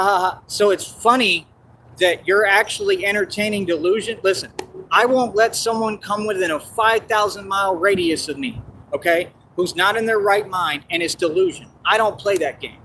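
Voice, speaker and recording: A man's voice: high voice, normal speed, low-quality recording. A man vlogging in a defiant, repetitive rant, talking straight to his viewers. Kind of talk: direct-to-camera rant. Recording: loud background noise.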